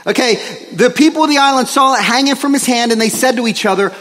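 A man's voice: extremely high pitch, quick pace, big-room sound. A middle-aged male pastor preaching a sermon, telling jokey stories with frequent asides to the congregation. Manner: animated, joking storytelling with frequent "right?" asides.

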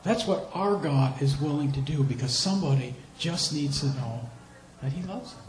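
A man's voice: on the high side, lively intonation, moderate pace, roomy sound, slight background noise, rough recording. A man preaching a sermon as a missionary, telling stories with animation and repeating phrases for emphasis. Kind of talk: sermon with storytelling.

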